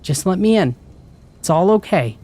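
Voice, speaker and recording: A man's voice: high voice, lively intonation, normal speed, pitched above the performer's own voice. A man voicing an inhuman creature that imitates a tearful mother, pleading through a door in a horror story. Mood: coaxing. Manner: pleading, tearful, escalating to shouting.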